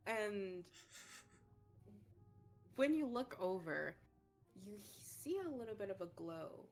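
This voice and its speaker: Slow, low-voiced woman game master. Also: a little mellow. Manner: rambling, with many fillers. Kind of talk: narrating a tabletop game.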